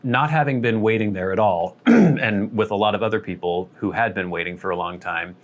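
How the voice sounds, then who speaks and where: Wry, rambling man with a lowish voice. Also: a little fast, dull audio. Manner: rambling, wry, self-deprecating. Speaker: vlog host. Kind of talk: casual storytelling.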